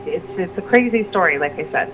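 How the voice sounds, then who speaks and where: A woman's voice: on the low side, fast. Rambling middle-aged woman, lo-fi audio. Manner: rambling, restarts sentences, animated when quoting others. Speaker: guest. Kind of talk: telling a personal story on a call-in radio show. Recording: lo-fi with noticeable background noise.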